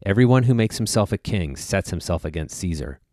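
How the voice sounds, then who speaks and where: One guy reading an angry crowd of priests, deep voice, loud and insistent, dry sound. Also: lively intonation, a little fast, no room sound.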